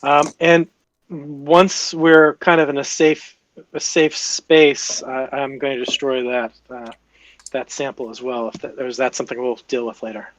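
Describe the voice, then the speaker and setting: A man playing a tabletop game, chatting casually in a halting way with restarts. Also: medium pitch, flat delivery, poor audio. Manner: halting, many restarts and fillers. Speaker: player. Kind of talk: casual chat at the gaming table.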